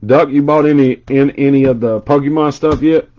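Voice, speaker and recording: Man, card break host, chatty storyteller listing cards at a middling pitch on muffled lo-fi audio. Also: steady tone, moderate pace. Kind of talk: casual live stream chat.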